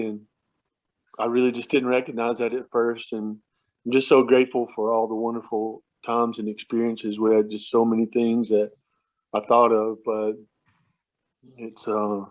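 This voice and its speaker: A man's medium-pitched, slightly mellow voice stays fairly flat in pitch and moves at a moderate pace. Calling from home at night on a tinny line, this relative rambles through family anecdotes for a remembrance, often chuckling and restarting sentences.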